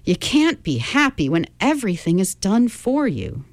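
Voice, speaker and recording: A woman's voice: medium pitch, sing-song, moderate pace, no echo. A woman voicing a blunt fat man with a dry, sighing manner.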